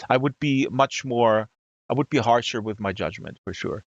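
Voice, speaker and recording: A man's voice: medium pitch, normal speed, no echo, dull audio. A man from Germany, hosting a livestream and telling a long story to his chat, with lots of fillers and restarts. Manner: rambling, many fillers and restarts. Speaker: livestream host. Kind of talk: casual storytelling to a live chat.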